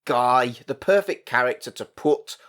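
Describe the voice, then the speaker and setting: A man's voice: mid-range voice, lively intonation, unhurried, a bit bright. A man co-hosting a podcast, chatting casually and laughing easily. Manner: giggly, easily amused. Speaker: podcast co-host. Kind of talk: casual chat.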